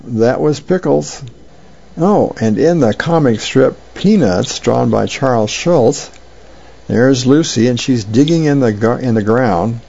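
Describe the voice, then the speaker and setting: A man hosting a show, reading comic strips aloud in an unhurried way with frequent ums and uhs. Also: mid-range voice, vocal fry, mellow, dull audio.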